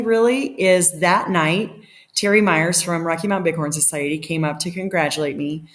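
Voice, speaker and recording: Middle-aged lady guest on a podcast, telling a story all animated, laughs a lot, voice a bit low. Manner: animated, laughing, acts out quotes. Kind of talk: casual storytelling.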